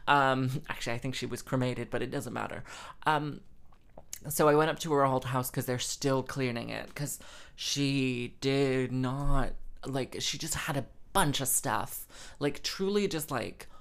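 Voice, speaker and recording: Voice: mid-range voice, a little slow, creaky, fairly bright tone. Young adult, casual chat, rambling, self-deprecating, lots of fillers. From English Midlands. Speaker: host.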